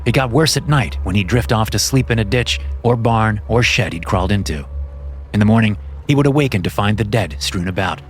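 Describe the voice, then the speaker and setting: Casual: guy with a lowish voice reading a horror story, steady and measured, faint music underneath. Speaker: narrator. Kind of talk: scripted horror story narration.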